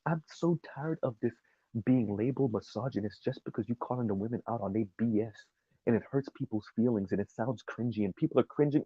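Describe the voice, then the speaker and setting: A man's voice: medium pitch, brisk, breathy edge, no echo, highs cut off. A man giving an emphatic, sarcastic opinion commentary, often laughing at his own points.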